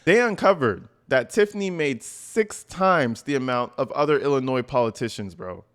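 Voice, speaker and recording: A man's voice: medium pitch, expressive, moderate pace, fairly bright tone. Slangy, emphatic male commentator. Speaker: commentary YouTuber. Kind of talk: casual video commentary.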